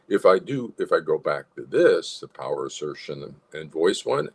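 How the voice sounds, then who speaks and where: A man's voice: low voice, moderate pace, hardly any pauses, husky. A man, a psychologist hosting an instructional livestream, who talks animatedly and acts out different tones of voice. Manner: animated, demonstrates tones of voice, chuckles.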